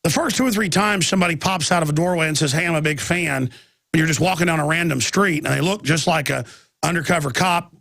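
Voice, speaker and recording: A man's voice: on the high side, fast, vocal fry, fairly bright tone, no room sound. A man in his thirties with a Texan accent hosting a live talk radio show, telling a rambling story full of restarts and quoted voices.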